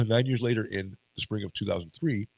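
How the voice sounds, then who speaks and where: A man's voice: fairly low pitch, normal speed, creaky, a little mellow, breathy edge, no echo, poor audio. A man with a stuffy nose co-hosting a casual podcast, reading case notes aloud, tripping over words and breaking off to chat. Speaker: podcast co-host.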